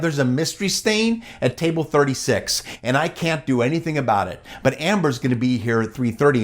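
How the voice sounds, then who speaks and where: Animated man telling a story. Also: medium pitch. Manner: animated, acting out quoted dialogue. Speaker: gala speaker. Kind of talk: storytelling speech.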